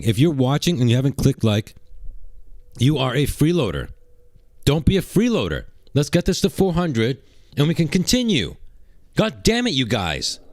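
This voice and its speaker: A man streaming live, chatting brashly and excitably to his viewers and reading out gifts. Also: mid-range voice, dry recording, clean studio sound. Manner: brash, excitable, talks to chat. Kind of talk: casual livestream chat.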